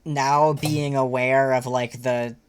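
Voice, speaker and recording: A woman's voice: rumbling low, slow, a crowd in the background. A woman reading a fanfic aloud as livestream co-host, then chatting with many fillers. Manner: lively narration, rambling with many fillers when chatting. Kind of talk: reading fiction aloud, casual chat.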